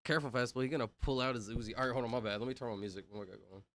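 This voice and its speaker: A young man livestreaming, chatting loosely with his chat, reading out names and laughing loudly. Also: medium pitch, fairly even intonation, racing, faint music behind. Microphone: headset mic.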